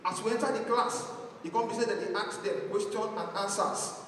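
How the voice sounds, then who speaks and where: A man with a Nigerian accent performing a stand-up comedy set, telling animated stories and acting out his family. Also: sits high, brisk, a little hiss or hum. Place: church hall stage. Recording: echoey hall from far off.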